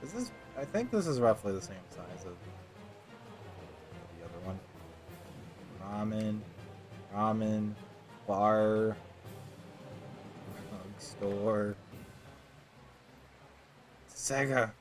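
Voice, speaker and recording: A man with a low voice rambles through casual game commentary, joking and swearing. Clear game music plays underneath. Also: big pitch swings, very slow, pauses often. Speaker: gamer. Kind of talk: casual let's-play commentary.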